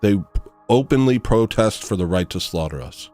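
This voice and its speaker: A man's voice: fairly low pitch, animated, normal speed, a little mellow, soft background music. A man hosting a livestream, ranting in a blunt, rambling way with frequent restarts. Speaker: livestream host. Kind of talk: casual livestream rant.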